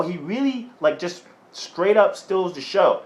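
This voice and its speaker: A man's voice: high voice, huge pitch swings, moderate pace. A man hosting a solo podcast, ranting in a heated, profane, emphatic way. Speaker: podcast host. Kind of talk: solo wrestling podcast rant.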